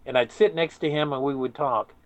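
A man's voice: medium pitch, a little fast, no echo. An older man telling stories in a casual interview, rambling with many restarts and often saying "man". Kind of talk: casual storytelling.

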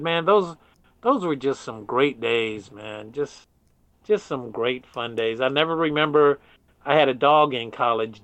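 A man's voice: medium pitch, sharp tone, dry recording. An older man telling stories in a casual interview, rambling with many restarts and often saying "man". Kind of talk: casual storytelling.

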